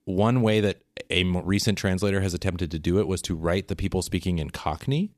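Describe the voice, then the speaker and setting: A man co-hosting a casual chat, animated and quick, tripping over his words as he rushes to make his points. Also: sits low, no echo, clean studio sound. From United States. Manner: animated, talks fast with laughs and restarts. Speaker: podcast co-host.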